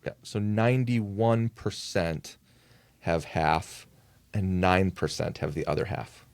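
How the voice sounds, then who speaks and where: A man who is a lead pastor, talking as a guest on a podcast in a thoughtful, measured way with frequent fillers. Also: low-pitched, creaky, dry recording. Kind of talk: conversational podcast interview.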